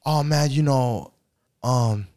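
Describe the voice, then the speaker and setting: A man voicing a sheepish male friend who keeps asking to borrow money, talking in a rushed, wheedling way. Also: mid-range voice, a little mellow, pitched above the performer's own voice, lightly acted. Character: pushy young male moocher friend, sheepish.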